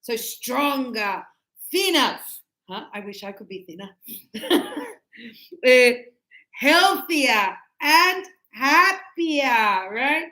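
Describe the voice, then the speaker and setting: A woman teacher explaining grammar to students in a classroom, animated and emphatic, acting out little dialogues. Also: high-pitched, extremely slow. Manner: emphatic, teasing. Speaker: English teacher. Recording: echoey room.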